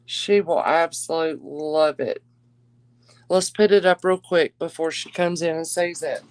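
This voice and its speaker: A woman's voice: low-pitched, unhurried, darkish tone, no echo, rough recording. A woman hosting a live jewelry auction stream, chatty and gushing, calling her viewers darling and y'all. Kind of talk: casual live-stream selling chat.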